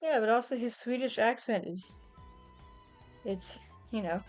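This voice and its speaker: A woman's voice: fairly high pitch, unhurried, soft background music. A woman chatting casually on a livestream, apologetic and giggly as she explains herself.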